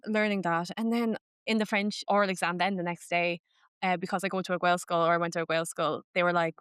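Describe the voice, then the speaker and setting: A young Irish woman hosting a podcast in easy, rambling chat, dropping "like" into every sentence. Her voice sits a little low and comes across smooth and clear. The sound is dry and close, with no room around it. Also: fairly even intonation, quick pace, fairly bright tone, no room sound. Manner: chatty, fills speech with "like", slips into Irish phrases. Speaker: podcast host. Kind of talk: casual chat.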